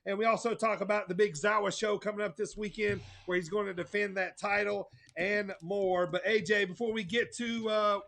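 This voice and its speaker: A man's voice: high voice, steady tone, moderate pace, creaky, few pauses, fairly bright tone. A man co-hosting a casual wrestling podcast, running through the show's rundown in an upbeat way with lots of "uh"s. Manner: upbeat, filler-heavy rundown with many uhs. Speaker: podcast co-host.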